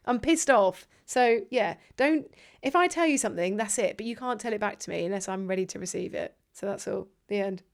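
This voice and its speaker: A woman hosting a podcast, chatting casually, jokey and quick to swear. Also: mid-range voice, vocal fry. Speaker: podcast host, editor. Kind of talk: casual chat.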